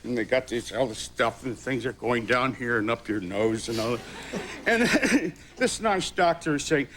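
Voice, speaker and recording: A man in his sixties, an actor guest telling animated stories with chuckles on a talk show. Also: mid-range voice, moderate pace, a little hiss or hum.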